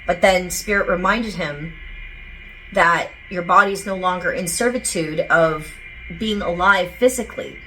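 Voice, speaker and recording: A woman's voice: on the low side, a little slow, pushed and bright, slight background noise, poor audio. A woman working as a psychic medium, talking casually and rambling as she relays what a spirit tells her. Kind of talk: casual channeling session.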